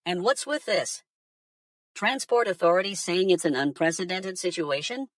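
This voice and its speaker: A woman's voice: fairly low pitch, animated, normal speed, dry recording, clean studio sound, recorded from a distance, lightly acted. A woman voicing a crude alien conspiracy theorist who talks down to humans in a profane, mocking rant. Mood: scornful. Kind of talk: AI-generated news segment.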